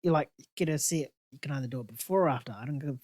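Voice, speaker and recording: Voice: medium pitch, rapid-fire, darkish tone, dry recording, clean studio sound. Blunt, sweary young podcast co-host. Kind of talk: casual film chat.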